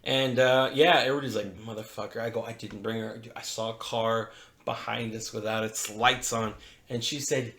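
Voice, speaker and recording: A man's voice: medium pitch, fairly even intonation, normal speed, fairly bright tone. A man co-hosting a podcast, telling a long, profane story in casual chat. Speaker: podcast co-host. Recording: roomy echo.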